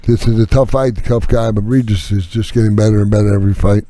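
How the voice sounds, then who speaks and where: A man hosting a casual podcast, talking in an excitable, stammering, jokey way. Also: on the low side, quick pace, no echo. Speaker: podcast host. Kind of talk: casual chat.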